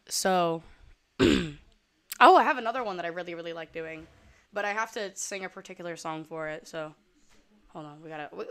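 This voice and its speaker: A young adult woman streaming from her computer, chatting casually, swearing freely and jumping between loud outbursts and low mumbles. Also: clean tone. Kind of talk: casual rambling stream chat. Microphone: desk mic at a computer.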